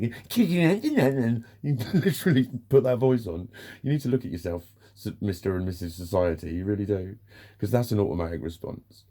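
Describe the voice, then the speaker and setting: A man's voice: low-pitched, mellow. A man venting in a ranting personal vlog, swearing often and sounding exasperated. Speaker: vlogger.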